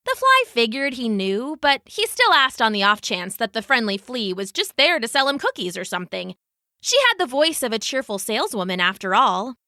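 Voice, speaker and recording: A woman narrating a children's story in an expressive, animated way. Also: on the high side, moderate pace, dry recording, studio quality.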